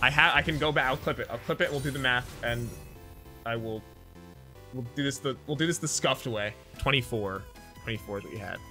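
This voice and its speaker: Bright-voiced man chatting over a card game. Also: medium pitch, fairly quick, faint music behind. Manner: chatty, laughs often, thinks aloud while counting. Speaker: streamer playing a card game. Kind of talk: casual gameplay chat.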